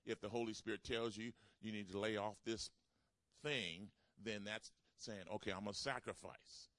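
A man's voice: on the low side, steady tone, unhurried, a bit bright, no echo. A man preaching a sermon. He calls for responses from the congregation and repeats phrases for emphasis. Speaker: pastor.

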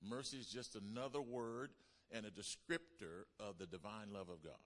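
A male pastor preaching a sermon, with call-and-response lines, repeated lists and loud bursts of emphasis. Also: on the low side, fairly even intonation, normal speed.

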